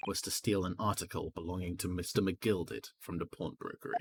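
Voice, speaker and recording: A man voicing a haughty, cold aristocratic prosecutor, reading game lines with slow disdain over game music. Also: low voice, fairly even intonation, heavy background noise. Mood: scornful. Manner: slow, disdainful courtroom delivery. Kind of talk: voicing game dialogue on a stream.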